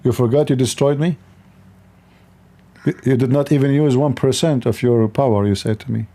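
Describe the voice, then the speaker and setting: Mocking man with a mellow voice. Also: medium pitch, steady tone, moderate pace. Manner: mocking, interrupting, repeats words. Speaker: debate host. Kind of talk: online debate call.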